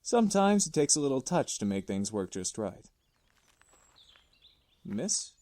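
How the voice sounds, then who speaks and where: An actor playing a gentle, thoughtful young man who tends a garden and muses softly in an unhurried way. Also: mid-range voice, very animated, no echo. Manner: soft-spoken, unhurried, musing. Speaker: visual novel character.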